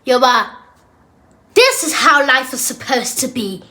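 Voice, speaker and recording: Teen girl, playful, high voice, animated. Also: measured pace. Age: teens. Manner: playful, laughing, full of fillers. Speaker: daughter co-host. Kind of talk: casual chat.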